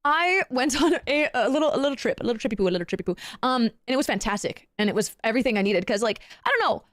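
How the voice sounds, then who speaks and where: A woman talking casually on her stream, animated, playful and swearing. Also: a little high, racing, no room sound. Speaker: VTuber in a played clip.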